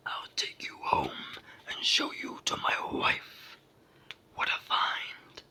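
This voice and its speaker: A storyteller with a sore throat and cold voicing a huge, delighted male giant in whispered role-play, drawing the words out slowly. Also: pushed and bright. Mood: teasing. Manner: slow, drawn-out whisper.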